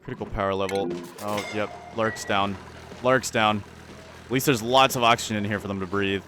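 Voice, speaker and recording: A man's voice: fairly low pitch, fairly even intonation, moderate pace, background noise. A man commentating his own video game play, rambling and repeating himself as things go wrong. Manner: frantic, rambling, often repeats himself under pressure. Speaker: gaming channel host.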